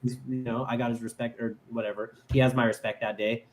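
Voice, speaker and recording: A man's voice: medium pitch, fast talker, slight background noise. A man in his thirties, a guest telling a casual story, acting out the voices he quotes and saying "like" a lot. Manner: animated, acts out quoted voices, many "like" fillers.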